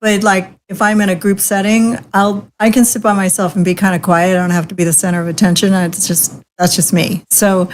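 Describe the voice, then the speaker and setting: A woman's voice: mid-range voice, little pitch movement, brisk, few pauses. A woman hosting a casual talk show about dating, speaking frankly and laughing often. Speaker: host. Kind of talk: casual chat.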